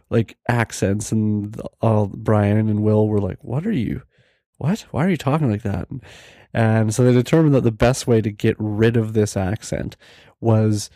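A young man talks through his own podcast in an easygoing, enthusiastic ramble, full of restarts and fillers. His voice sits on the low side with a mellow, relaxed tone, recorded dry and close with no room sound. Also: no room sound. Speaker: podcast host. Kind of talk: casual solo podcast talk.

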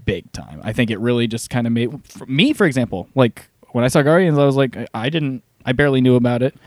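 A man co-hosting a podcast in casual chat, animated and profane, often laughing as he retells scenes. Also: mid-range voice, quick pace, dry recording, studio quality. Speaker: podcast co-host.

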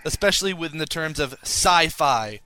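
A man's voice: a little high, lively intonation, normal speed, sharp tone, clean tone. A man co-hosting a casual podcast, reading listener mail with jokey asides and frequent laughter. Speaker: podcast co-host.

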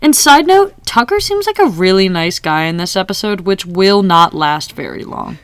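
A woman's voice: medium pitch, normal speed, clear, resonant tone, no room sound. A young woman co-hosting a casual podcast, chatting and quoting characters as she recaps a TV episode. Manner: chatty, animated, quotes characters. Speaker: podcast co-host.

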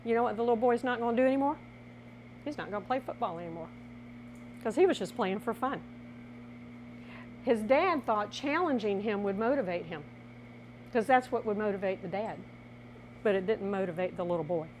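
A woman presenting a workshop in a lively teaching style, acting out little scenes as she explains. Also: mid-range voice, a little fast, pauses often, slight background noise. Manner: animated, laughing, acts out little scenes.

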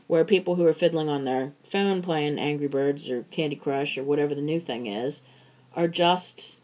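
A woman's voice: low-pitched, a little mellow. A woman from Pittsburgh, a farmer and podcast co-host, chatting casually and restarting her sentences often. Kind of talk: casual chat.

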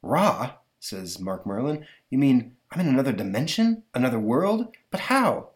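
A man's voice: medium pitch, very animated, moderate pace, voice pushed up, natural voice. A man voicing a heroic occult detective from a comic, wondering and bewildered.

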